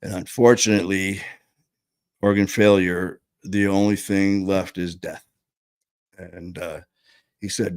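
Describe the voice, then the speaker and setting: A man telling a personal story, candid and blunt, swearing freely and pausing often. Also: low-pitched, flat delivery, smooth, no echo. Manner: halting, full of fillers and restarts.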